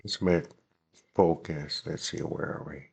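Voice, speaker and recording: Deep-voiced man walking through software. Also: steady tone, measured pace, vocal fry, slightly rough. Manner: casual, thinking aloud while clicking. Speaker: software tutorial host. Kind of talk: screen-recording software walkthrough.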